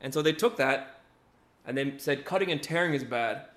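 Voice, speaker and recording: A man's voice: mid-range voice, animated, normal speed, fairly bright tone. A young man giving a casual, conversational sermon, often checking in with "right?" and acting out what people said. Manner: conversational, keeps asking "right?", acts out quotes. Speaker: preacher. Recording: echoey room.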